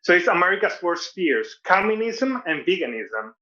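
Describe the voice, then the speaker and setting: A man's voice: high voice, very animated, moderate pace, pushed and bright. A man from Venezuela with a Venezuelan Spanish accent, a self-deprecating stand-up comedian performing over a video call. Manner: self-deprecating, repeats and restarts words. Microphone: video call mic. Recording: dull lo-fi video call audio.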